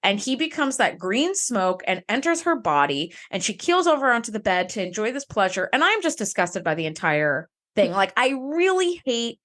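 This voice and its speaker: Woman co-host, expressive sing-song delivery, slightly high, conversational. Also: moderate pace, hardly any pauses. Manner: lively, exasperated commentary. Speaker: podcast co-host. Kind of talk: casual chat.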